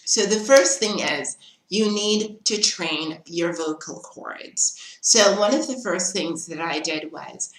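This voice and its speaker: A woman's voice: lowish voice, takes it slowly. A woman talking straight to camera in a casual, earnest advice vlog, encouraging her viewers. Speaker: vlogger. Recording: echoey room.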